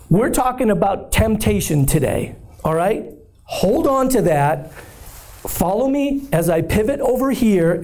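Hoarse man preaching with lively energy. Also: sits high. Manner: animated and conversational, often asking the room "right?"; bold, upbeat and joking. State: hoarse, voice nearly gone. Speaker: guest speaker at a church. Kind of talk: lively sermon-style talk.

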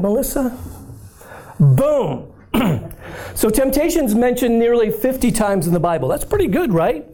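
Hoarse man preaching with lively energy. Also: sits high. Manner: animated and conversational, often asking the room "right?"; bold, upbeat and joking. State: hoarse, voice nearly gone. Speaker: guest speaker at a church. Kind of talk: lively sermon-style talk.

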